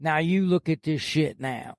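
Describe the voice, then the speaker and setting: An older man with a New York accent, telling stories in a blunt, profane, animated way in casual chat. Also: a little high, a little slow, dry recording, clean studio sound.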